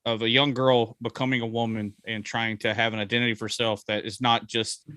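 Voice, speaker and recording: A man in his 40s co-hosts a casual movie review podcast, rambling with jokes and plenty of ums and uhs. His medium-pitched voice is sharp in tone, fairly flat, a little fast, and recorded with no echo.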